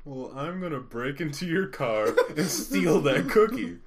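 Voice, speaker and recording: A young man co-hosting a casual podcast, joking loudly and often breaking into shouts and laughter. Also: fairly high pitch, sing-song, measured pace, crowd noise. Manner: loud, jokey, swings to shouts and laughs. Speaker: podcast host.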